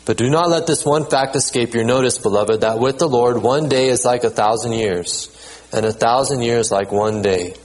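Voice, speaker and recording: A man preaching a sermon in a conversational way, often repeating words and checking in with the congregation, and reading scripture aloud at a measured pace. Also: medium pitch, rough recording. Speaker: pastor.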